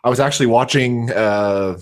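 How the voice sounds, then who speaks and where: A stream guest with a West Coast American accent talks in a mid-range voice at normal speed during a casual livestream chat. He sounds hesitant and fills his speech with fillers.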